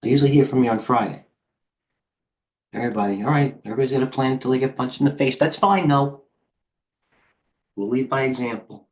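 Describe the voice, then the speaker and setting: A middle-aged man, the host of a live trading stream, talks quickly and excitably as he moves from chart to chart. His voice sits at a medium pitch. He breaks off to greet viewers in the chat by name. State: out of breath. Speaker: host and head trader.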